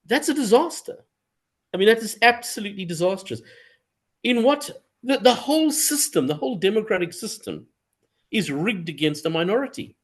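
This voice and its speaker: A man's voice: sits high, lively intonation, normal speed. A man from Africa, a professor interviewed as a guest, who speaks in an emphatic and opinionated way. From South Africa. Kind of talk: sit-down interview.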